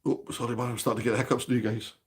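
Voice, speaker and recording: A man's voice: medium pitch, little pitch movement, racing, heavy background noise. A Scottish man chatting casually on a live stream from his home, reading out viewer comments and asking for likes.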